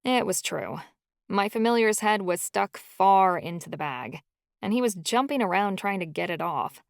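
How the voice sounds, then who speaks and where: A woman's voice: mid-range voice, animated, moderate pace, vocal fry, dry recording, clean studio sound. A woman reading a first-person novel aloud as an audiobook narrator, in a storytelling delivery.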